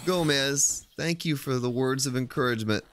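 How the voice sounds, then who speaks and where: A man's voice: mid-range voice, moderate pace, background noise. A man streaming a survival game live, chatting casually and playfully joking with his chat while he plays.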